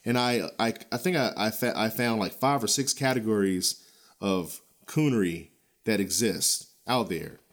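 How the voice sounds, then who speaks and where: A man's voice: on the low side, a little slow. Profane, ranting male podcast host. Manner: blunt, profane, animated ranting with frequent chuckles; loose, rambling delivery with many restarts and fillers. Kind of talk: casual ranting podcast commentary.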